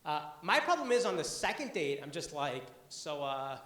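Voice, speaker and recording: A man's voice: fairly high pitch, very animated, brisk, fairly bright tone, roomy sound. A young man from the Boston area performing a stand-up comedy set, talking conversationally with lots of "uh" fillers. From Boston area, USA. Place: comedy club stage before an audience.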